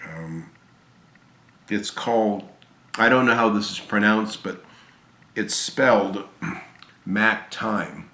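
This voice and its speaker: A tired, hoarse man chatting casually and gratefully about games he received, rambling with fillers and restarts. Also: on the low side, slow pace, long pauses, sharp tone, echoey room. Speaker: gaming channel host. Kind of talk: casual video chat about game pickups.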